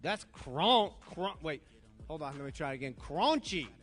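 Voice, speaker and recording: A man's voice: a little high, animated, moderate pace, fairly bright tone, faint music behind. An older man leading a youth group game, reading slang terms aloud, stumbling over them and laughing at himself. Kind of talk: playful group game in front of students.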